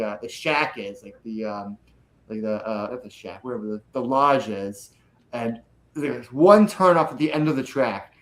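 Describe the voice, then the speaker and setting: A man's voice: mid-range voice, poor audio. A man in casual podcast chat, telling rambling stories with lots of laughter and swearing.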